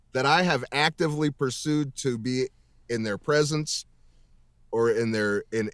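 A man with a mid-range, slightly bright voice comes through a dry, studio-quality recording. He's a voice actor being interviewed casually over video call, and his talk is emphatic, full of profanity, and rambling with restarts.

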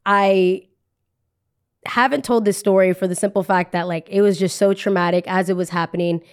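A young woman spins a personal story on her podcast. She talks casually and chattily, leans on "like," and repeats lines for emphasis. Her voice sits at an ordinary middle pitch. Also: steady tone, moderate pace, clear, resonant tone. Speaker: podcast host telling a story.

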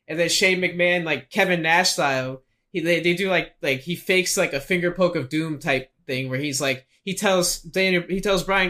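A man's voice: on the high side, sharp tone. A man co-hosting a podcast, talking eagerly in casual chat and cutting in to add to the story. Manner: eager, fast, jumps in with interruptions. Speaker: podcast co-host.

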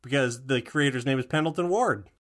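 A man's voice: medium pitch, fairly quick. A man co-hosting a podcast in casual chat, joking and self-deprecating. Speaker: podcast co-host.

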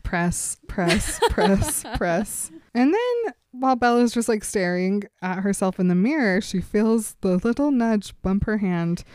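A playful, giggly woman co-hosts a casual podcast and retells a book chapter to her friend. Her voice sits at a middle pitch, and the sound is dry and close. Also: very animated, measured pace, hardly any pauses, a little mellow, smooth, dry recording. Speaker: podcast co-host.

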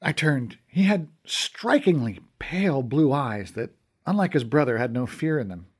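A man narrating a first-person adventure story in an animated, expressive way. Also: medium pitch, normal speed, husky.

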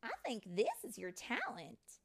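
A woman voicing a kindly female garden fairy in a read-aloud storybook, coaxing and gentle. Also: on the high side, wildly swooping pitch, unhurried, husky, pitched above the performer's own voice, full character voice.

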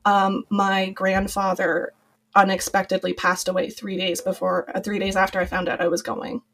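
A woman's voice: mid-range voice, monotone, normal speed, a bit bright. A young adult woman, a podcast guest and former cast member, talking in a chatty, rambling way with many fillers. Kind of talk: casual podcast conversation.

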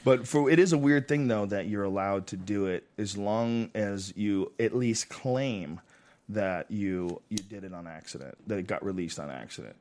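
A man hosting a casual podcast, crude and needling, his pitch jumping when he pushes a point. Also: moderate pace, a little mellow. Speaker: podcast host.

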